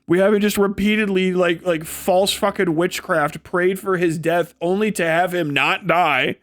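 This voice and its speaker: A man's voice: sits high, steady tone, moderate pace, a bit bright, dry recording, studio quality. Heated, profane male streamer ranting. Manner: mimics others in a sneering voice. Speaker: live streamer. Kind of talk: angry political rant on a livestream.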